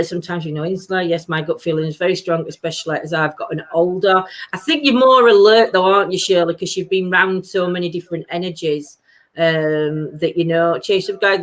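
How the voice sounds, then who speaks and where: A middle-aged woman, chatting on a live show and calling her viewers by name. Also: on the low side. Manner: chatty, warm-hearted, calls viewers by name. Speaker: co-host of a live chat show. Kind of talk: casual live chat.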